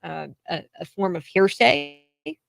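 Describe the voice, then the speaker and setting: A woman's voice: lowish voice, expressive, a little slow, creaky, a bit bright, no echo. A woman hosting a talk radio interview, chatty and restarting her sentences often. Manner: chatty, many fillers and restarts. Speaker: radio talk show host.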